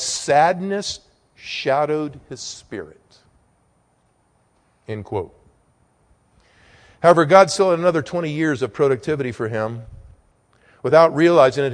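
A man preaching a sermon in church, swinging from loud, emphatic peaks to quiet, low storytelling. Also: big-room sound.

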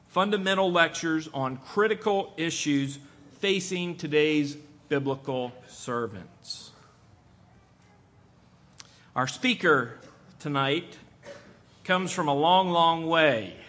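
A man reading a formal introduction of a guest speaker in a measured way. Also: fairly high pitch, fairly bright tone.

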